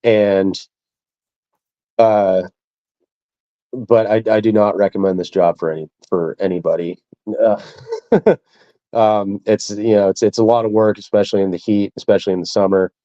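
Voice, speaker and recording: Mellow low-voiced man, dull dry audio. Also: fairly even intonation, normal speed, long pauses, no echo. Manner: easygoing, chuckles through his anecdotes. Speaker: military veteran guest. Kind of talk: casual interview storytelling.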